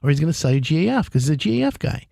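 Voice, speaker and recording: A man who runs a roofing company, giving an animated sales pitch in folksy talk and acting out conversations with homeowners. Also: racing, creaky, no echo, clean studio sound. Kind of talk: direct-to-camera sales pitch.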